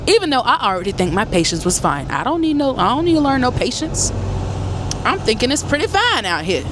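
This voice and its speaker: A woman truck driver chatting casually to her viewers from the cab while driving, animated and talkative. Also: medium pitch. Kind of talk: casual vlog chat to viewers. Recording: loud road and engine noise. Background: truck road noise.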